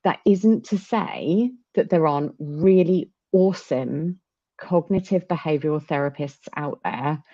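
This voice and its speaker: A woman with a low voice talks openly in a casual chat, stumbling and restarting as she goes. The recording sounds dull and lo-fi. It is also dry, with no room sound. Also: no room sound. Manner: candid, halting, many restarts.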